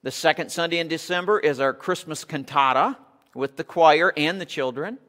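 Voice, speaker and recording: Male pastor, slightly high voice; sermon with call-and-response in an echoey sanctuary. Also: normal speed, fairly bright tone. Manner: leads congregation in call-and-response cheers. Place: church sanctuary. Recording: long reverb of a church hall.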